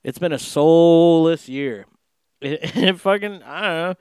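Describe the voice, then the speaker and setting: Rambling, profane man with a smooth voice. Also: a little high, unhurried, darkish tone, dry recording. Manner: rambling, profane, laughing storyteller. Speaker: vlogger. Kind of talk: casual chat. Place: Los Angeles.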